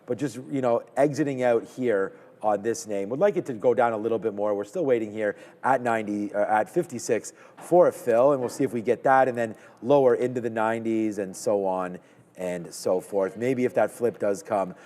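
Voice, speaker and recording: A man's voice: fairly low pitch, fairly even intonation, normal speed, a little mellow, long reverb tail. A man hosting a live stock trading stream, chatting upbeat while he places trades. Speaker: stock trading livestream host. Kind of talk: live market commentary.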